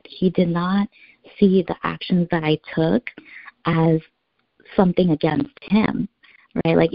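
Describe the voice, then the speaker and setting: A young woman telling a personal story as an interview guest, earnest and halting, with many fillers. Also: lowish voice, no room sound. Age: young adult. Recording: dull lo-fi sound.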